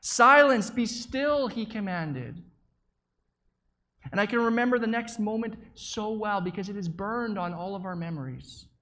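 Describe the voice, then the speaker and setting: A preacher recounts events he witnessed firsthand, speaking with medium pitch at a normal pace. His telling is vivid and dramatic, marked by small stumbles and repeated words.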